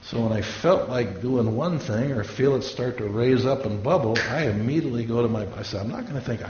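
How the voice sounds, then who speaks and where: A man's voice: mid-range voice, fairly quick, few pauses, a little mellow. Pastor guy preaching, tells stories and does the voices, roomy church echo, kinda muffled. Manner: storytelling, acts out quoted voices. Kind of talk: sermon. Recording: echoey room, dull lo-fi sound, faint hiss.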